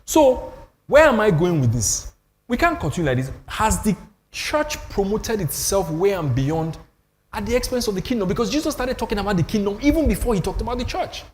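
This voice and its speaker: A man's voice: sits high, big pitch swings, brisk, slight background noise. Emphatic Nigerian man with hall reverb. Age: older. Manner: storytelling, emphatic, self-deprecating. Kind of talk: animated panel talk on church.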